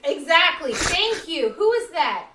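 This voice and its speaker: A woman with a high, bright voice whose pitch jumps around a lot. She teases her husband dryly in casual banter, sounding slightly away from the mic. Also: very animated, unhurried, a little hiss or hum. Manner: teasing, dry. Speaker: host's wife, walk-in guest.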